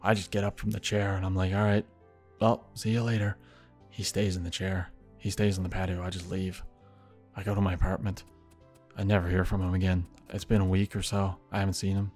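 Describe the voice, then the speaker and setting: A man's voice: low-pitched, flat delivery, fairly quick, a little mellow, soft background music. A young man casually telling a story about an odd neighbor, swearing often and muttering asides.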